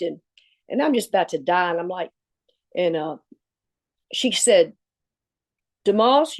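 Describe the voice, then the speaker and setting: A woman with a drawl tells an old story in a lively way. She jumps into other people's voices as she quotes them, and her own pitch sits in the middle. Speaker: former assistant coach. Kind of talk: storytelling anecdote.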